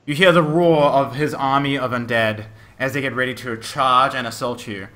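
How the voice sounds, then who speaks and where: Bright-voiced man narrating a game. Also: medium pitch, fairly even intonation, moderate pace. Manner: vivid descriptive narration with frequent restarts. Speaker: game master.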